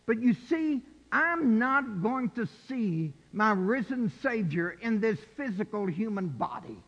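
High-voiced preacher in a reverberant hall. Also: male voice, sing-song, takes it slowly, lo-fi sound. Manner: emphatic, swells to shouted peaks. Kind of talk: sermon.

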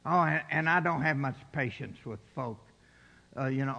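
A middle-aged male pastor preaching a sermon, stressing scripture slowly and dropping to quiet asides. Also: mid-range voice, creaky, lo-fi sound. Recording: long reverb from a large hall.

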